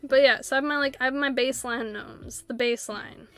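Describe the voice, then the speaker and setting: High-voiced giggly woman streamer. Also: a little fast, a bit bright, soft background music. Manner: chatty and giggly, rambling with frequent laughs. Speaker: game streamer. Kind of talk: casual live-stream chat while playing.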